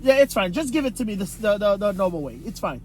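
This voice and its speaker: An exasperated man from Haiti rants through a comic skit, stammering and tripping over his words. His voice is high and swings widely in pitch. A faint car hum runs underneath. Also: big pitch swings, quick pace. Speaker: comedy creator. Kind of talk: comedic monologue skit.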